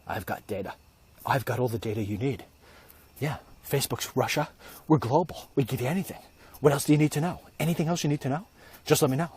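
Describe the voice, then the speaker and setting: A man's voice: medium pitch, quick pace, long pauses, a little mellow, husky, no room sound. A man voicing a fawning male tech executive who is eager to please an official caller. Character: gushing, starstruck male tech boss.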